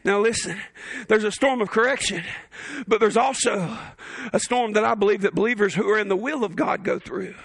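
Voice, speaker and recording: High, gravelly-voiced preaching pastor. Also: male voice, moderate pace, dry recording, studio quality. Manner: preaching with shouted peaks and playful asides. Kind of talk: sermon.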